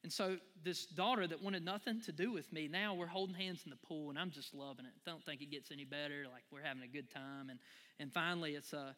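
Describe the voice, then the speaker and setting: A man preaches to his congregation in a lively, folksy way. His voice sits high and bright, and it carries with a long reverb through a large church hall. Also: fairly quick. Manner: animated, folksy, addresses the crowd as y'all. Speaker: pastor. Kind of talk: sermon with personal story.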